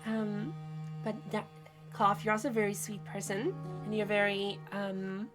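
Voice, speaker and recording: A woman's voice: mid-range voice, flat delivery, measured pace, over music. A woman streaming a game, casually chatting and playfully teasing her viewers, often breaking into giggles. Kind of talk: casual live-stream chat.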